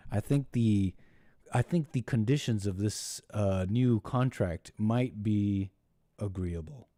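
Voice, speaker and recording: An American man hosts a live call-in show in a dark, somewhat low voice, recorded with studio quality and no room sound. His monologue rambles and mocks, with put-on voices for the people he quotes. He speaks haltingly, restarting often and laughing.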